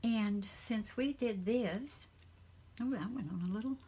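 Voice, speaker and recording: A woman from the Southern United States with a Southern accent, chatting casually in a soft, half-whispered, rambling and earnest way in her home craft room. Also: a little high, measured pace, breathy edge. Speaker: craft channel host. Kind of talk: casual chat.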